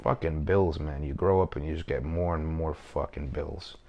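Low-voiced man, profane rambling podcast. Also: fairly even intonation, moderate pace, darkish tone. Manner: profane, rambling, self-mocking. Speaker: comedian and podcast host. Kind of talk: casual solo podcast monologue. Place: home kitchen.

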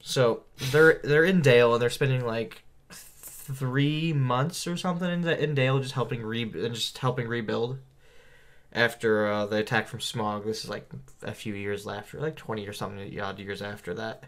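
A man's voice: medium pitch, moderate pace. A young man chatting casually and telling a rambling story about a tabletop game he ran, with many fillers. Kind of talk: casual chat.

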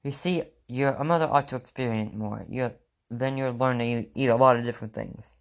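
A man's voice: mid-range voice, a little fast, gravelly, close to an everyday voice. A man voicing a cheerful father cooking for his sons, read in an upbeat, coaxing storybook manner.

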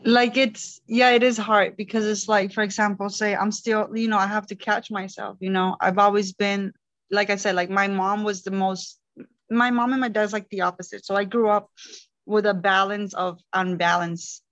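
A woman's voice: mid-range voice, fairly even intonation, normal speed, a bit bright, no echo, dull audio. A woman client opening up about family, rambling and hesitant with many fillers. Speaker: coaching client. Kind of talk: personal interview.

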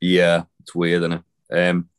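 Very deep-voiced man recapping wrestling. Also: completely flat delivery, a little slow, smooth. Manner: rambling, swears casually, many fillers. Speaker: podcast co-host. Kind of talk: casual wrestling recap chat.

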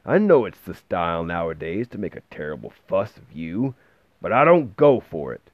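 Gruff grumbling old bookseller, as a man puts him on. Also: low-pitched, expressive, no room sound. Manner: gruff, grumbling, slow and disapproving. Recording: dull dry lo-fi sound.

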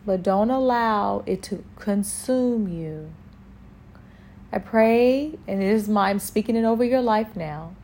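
A woman giving a spiritual encouragement talk, speaking directly to the listener with gentle, repeated reassuring affirmations. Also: medium pitch, a little hiss or hum. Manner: speaks directly to the listener, asking if they follow.

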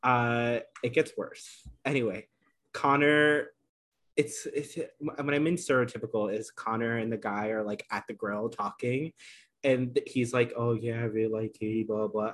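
A man co-hosting a casual podcast, recapping a reality show in an animated, filler-heavy way. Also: medium pitch, normal speed. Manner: animated storytelling, many fillers. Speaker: podcast co-host.

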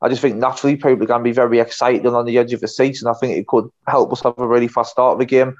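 Fast-talking man on a dull mic. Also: mid-range voice, little pitch movement, darkish tone. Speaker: podcast co-host. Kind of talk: casual football podcast chat.

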